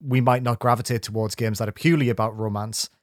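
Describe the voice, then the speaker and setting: A man's voice: medium pitch, steady tone, fast talker, dry recording, studio quality. A man co-hosting a casual podcast, reasoning aloud in a thoughtful way. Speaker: podcast co-host.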